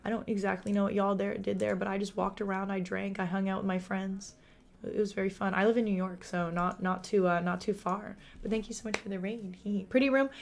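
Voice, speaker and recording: Chatty monotone woman streamer. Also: medium pitch, brisk, gravelly. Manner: chatty, reads out and answers chat. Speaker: live streamer. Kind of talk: casual live-stream chat. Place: room at home.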